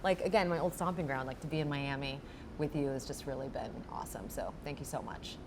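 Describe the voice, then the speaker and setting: A woman's voice: extremely low pitch, fast talker, noisy background. A woman hosting a casual food interview, enthusiastic and playful with lots of exclamations. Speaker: host.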